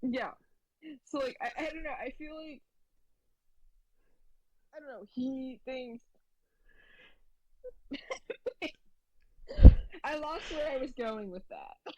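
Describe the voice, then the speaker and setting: A woman's voice: sits high, slow, long pauses, dry recording, low-quality recording. A woman chatting casually as a podcast guest, hesitant and trailing off, with casual swearing. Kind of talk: casual chat.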